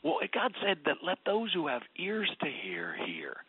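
A husky man tells faith stories over a tinny phone line. His voice jumps from loud bursts down to near whispers, with a lively, slightly raised pitch. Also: moderate pace, dry recording. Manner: animated storyteller, swings from loud to whispered. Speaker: radio talk guest. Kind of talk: Christian radio conversation.

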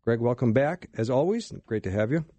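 A man's voice: medium pitch, lively intonation, fairly quick, dark tone, no echo. A man hosting a Christian talk radio show in a studio, casual and self-deprecating with his guests.

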